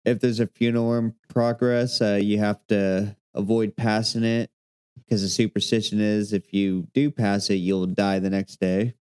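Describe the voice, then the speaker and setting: A man's voice: on the low side, flat delivery, moderate pace, darkish tone, smooth. A man co-hosting a casual podcast who reads out items in a hesitant way, with many ums and uhs. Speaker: podcast co-host. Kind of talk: casual chat, reading out items.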